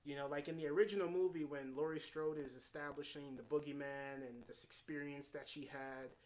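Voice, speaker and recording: Male movie reviewer, slightly higher voice, loose rambling delivery full of fillers. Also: steady tone, a little fast, a little mellow. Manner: rambling, heavy on fillers and restarts; retells scenes in paraphrased quotes. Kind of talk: casual unscripted film review.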